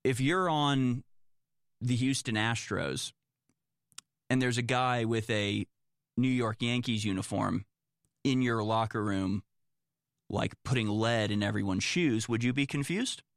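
A man's voice: mid-range voice, measured pace, pauses often, no room sound, clean studio sound. A man commenting on the news, reading reports aloud and reacting in a sarcastic, exasperated, rambling way. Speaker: political commentator.

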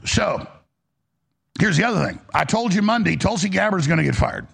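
Gravelly, ranting male political commentator. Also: high voice, expressive, moderate pace, fairly bright tone. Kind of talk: heated political monologue.

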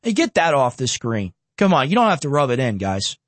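A man hosting a political reaction show who pauses clips to rant sarcastically. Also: mid-range voice, very animated, no room sound. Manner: sarcastic, ranting. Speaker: host.

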